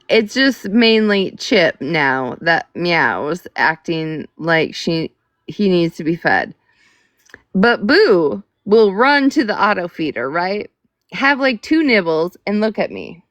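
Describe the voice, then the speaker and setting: Brief: middle-aged woman streamer, animated swinging pitch, profane chatty storyteller. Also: no room sound. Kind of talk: casual livestream chat.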